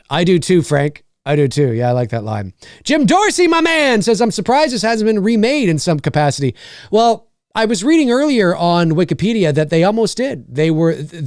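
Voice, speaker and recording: A man hosting a live movie commentary, chatting to viewers as he watches, swearing freely and jumping between high and low. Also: no room sound, clean studio sound. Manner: animated, swears freely, quick pitch jumps.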